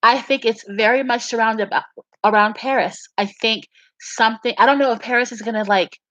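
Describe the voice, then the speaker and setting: Emphatic woman with a bright, tense voice. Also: on the high side, a little fast, dry recording, highs cut off. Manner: emphatic, repeats herself, restarts often. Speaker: fan sharing beliefs and dreams. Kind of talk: casual earnest talk.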